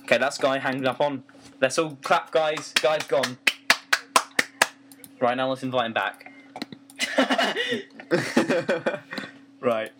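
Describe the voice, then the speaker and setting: A man's voice: medium pitch, big pitch swings, takes it slowly, long pauses, background noise. A man hosting a casual podcast over game footage, rambling and giggling, often tripping over his words. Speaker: podcast host.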